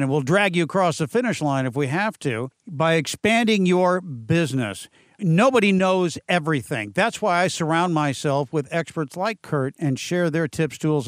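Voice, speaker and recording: A man's voice: a little high, no room sound, studio quality. A man hosting a business interview show, folksy and enthusiastic. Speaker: podcast host.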